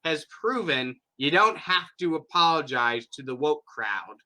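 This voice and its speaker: A podcast host with a bright, forceful, somewhat high voice talks in a heated, profane way. He presses his points hard and sounds loose and off the cuff. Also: lively intonation, a little slow. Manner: emphatic, profane ranting. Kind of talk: casual opinion chat.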